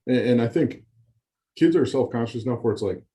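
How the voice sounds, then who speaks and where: A man's voice: mid-range voice, fairly quick, dark tone. A man talking as a guest offensive line coach, in a loose, rambling casual way. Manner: loose and rambling, many fillers and restarts. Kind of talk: casual chat.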